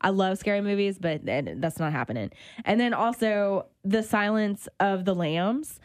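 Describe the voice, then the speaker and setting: A woman's voice: mid-range voice, moderate pace, no room sound, studio quality. A woman hosting a local radio food show, chatting casually about restaurants and dishes she tried. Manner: chatty, animated about food, self-conscious laughs. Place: radio studio.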